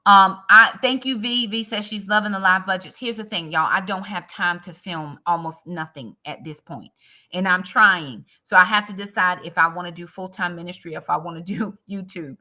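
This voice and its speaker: Bright-voiced woman on a casual live stream. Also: on the low side, moderate pace. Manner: earnest, talks straight to viewers; emotional about her faith. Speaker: budgeting live-streamer and ministry leader.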